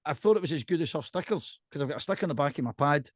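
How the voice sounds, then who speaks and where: Scottish guy ranting on a podcast, lively up-and-down voice, bit high, dry sound. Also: very fast, no echo. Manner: animated ranting, keeps asking "right?". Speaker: podcast guest, pipe band drummer. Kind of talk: casual podcast chat.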